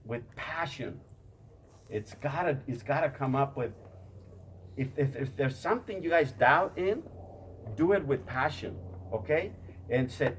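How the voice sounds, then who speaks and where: A man's voice: mid-range voice, lively intonation, measured pace, long pauses, slight background noise, low-quality recording. A man giving a repetitive motivational talk to a group, often stammering as he restarts his sentences. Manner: repetitive, addresses listeners as "you guys". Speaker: motivational speaker.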